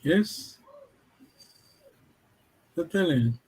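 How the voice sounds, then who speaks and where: A man's voice: fairly high pitch, animated, drawn-out words, a little mellow, slightly rough. A man teaching a language lesson over a video call, patiently checking that his students follow.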